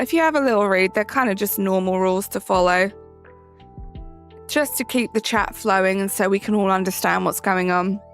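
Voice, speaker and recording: A woman's voice: a little high, a bit bright. A young English woman streaming live, chatting with viewers and greeting them by name, her sentences rising at the ends. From England. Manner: bubbly, greets chatters by name, sing-song rising endings. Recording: faint music behind. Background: faint background music.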